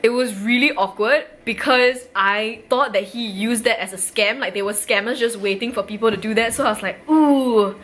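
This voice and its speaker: Young Singaporean woman vlogger, bright tone, chatty storyteller who acts out dialogue. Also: a little high, fairly even intonation, a little fast, few pauses, a little hiss or hum. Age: 20s. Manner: chatty, heavy use of "like", acts out quoted dialogue. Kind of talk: casual storytime narration.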